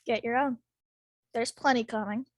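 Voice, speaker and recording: Sarcastic woman player with quick quips. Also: on the high side, steady tone, dry recording. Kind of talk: casual tabletop play.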